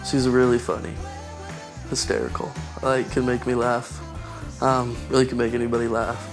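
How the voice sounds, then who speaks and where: A man's voice: medium pitch, completely flat delivery, normal speed. A young man telling, for a wedding film, how he met his fiancée, easygoing and self-mocking, full of "like" and "um". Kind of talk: casual storytelling to camera. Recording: music playing behind.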